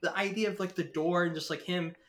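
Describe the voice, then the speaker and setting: A man's voice: high-pitched, steady tone, a little fast, a bit bright. A man co-hosting a casual podcast, swearing and acting out quotes. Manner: swearing, quoting lines in impressions. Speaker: podcast co-host. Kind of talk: casual film chat.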